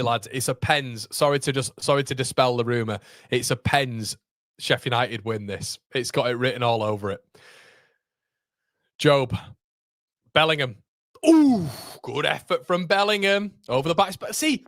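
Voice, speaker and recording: A man hosting a live football watchalong. He is excitable and shouts at the players one moment, then chats easily with viewers using British slang like mate and lads. His voice sounds dry and close, with no room around it. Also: medium pitch, normal speed, no room sound. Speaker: live-stream watchalong host.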